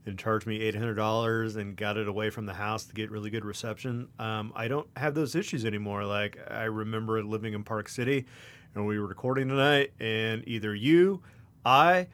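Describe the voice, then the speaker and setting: A man's voice: on the low side, steady tone, normal speed, fairly bright tone. A man from Kansas co-hosting a podcast, an easygoing storyteller who leans on lots of fillers. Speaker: podcast co-host. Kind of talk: casual podcast chat.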